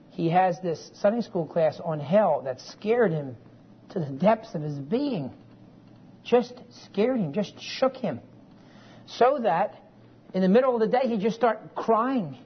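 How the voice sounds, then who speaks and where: A man's voice: high voice, animated, unhurried, slightly rough. A man in his forties teaching a Bible class, telling a family story in a folksy, digressive way and often checking in with his listeners. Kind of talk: classroom lecture with personal story. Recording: dull lo-fi recording with faint hiss.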